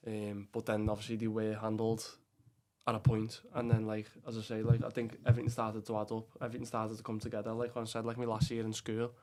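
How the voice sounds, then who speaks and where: A man's voice: on the low side, completely flat delivery, fast talker, a little mellow. A young man with a Liverpool Scouse accent, talking as a podcast guest in a rambling, casual way with lots of fillers and swearing. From England. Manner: rambling, heavy with fillers and swearing, says "lad" often. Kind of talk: casual chat.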